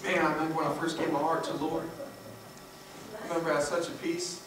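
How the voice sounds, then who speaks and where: High-voiced preacher in an echoey church. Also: male voice, flat delivery, fast, a crowd in the background. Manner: emphatic, swinging between loud peaks and hushed low passages. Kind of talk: sermon. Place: church sanctuary. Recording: echoey church from far off, noisy.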